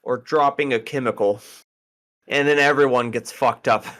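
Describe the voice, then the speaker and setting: A man's voice: mid-range voice, fairly even intonation, moderate pace, fairly bright tone. A man in a casual group podcast, bantering crudely and swearing freely. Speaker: podcast guest.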